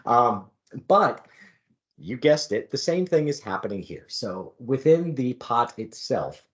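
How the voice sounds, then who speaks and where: A man talking through a design demo as an instructor, in a relaxed, explanatory way with fillers and light jokes. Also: medium pitch, slow. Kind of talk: screen-recorded design demo.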